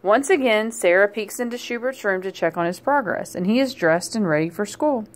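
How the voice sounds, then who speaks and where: A woman narrating a children's picture book aloud in a clear, gentle storytelling manner. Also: mid-range voice, fairly quick. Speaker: storybook reader.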